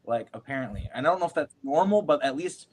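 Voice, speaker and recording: A man's voice: on the high side, expressive, quick pace, darkish tone. A man in a casual round-table chat, rambling and earnest, with many fillers. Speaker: guest.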